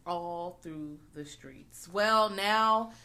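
A woman's voice: on the low side, very slow. A woman co-hosting a casual movie recap podcast, talking animatedly and with plenty of swearing. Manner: animated, profane, acts out quotes. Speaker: podcast co-host.

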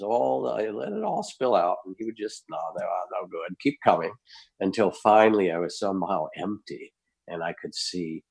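A man, a podcast guest, telling a lively anecdotal story in conversation. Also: lowish voice, gravelly.

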